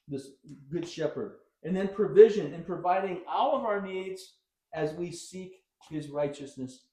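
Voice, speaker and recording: A man's voice: on the high side, dark tone, echoey room, low-quality recording. A male pastor preaching a sermon in a conversational style, with wry asides and sudden bursts of emphasis.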